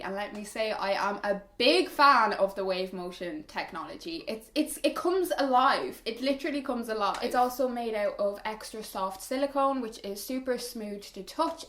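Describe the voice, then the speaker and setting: A young woman from Ireland chatting as a vlogger, reading out viewer confessions and reacting with sassy, animated disbelief, with lots of "like". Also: mid-range voice. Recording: echoey room.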